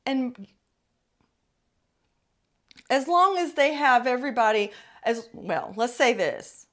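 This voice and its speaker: Casting note: middle-aged woman, podcast host, unhurried delivery with a wide-swinging, fairly high voice, blunt and salty. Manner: blunt, profane, animated storytelling. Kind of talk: casual storytelling monologue.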